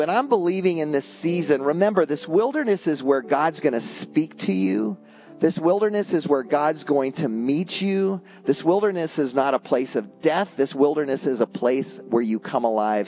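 An earnest male pastor preaching a sermon with a slightly high voice. He talks in a plain storytelling way, often restarting and repeating words. Soft instrumental music plays quietly underneath. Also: expressive, moderate pace.

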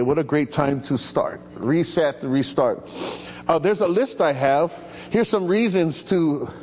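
Animated pastor preaching in a hall. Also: male voice, mid-range voice. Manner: animated, calls out to the congregation. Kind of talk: sermon. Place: church hall. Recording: echoey hall with faint hum.

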